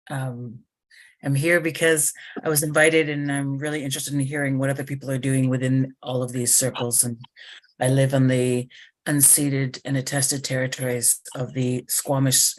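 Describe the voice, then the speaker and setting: A Potawatomi speaker introducing themself in a measured way on a video call. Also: mid-range voice. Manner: measured, slowing on place names. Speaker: participant introducing self. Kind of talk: casual self-introduction.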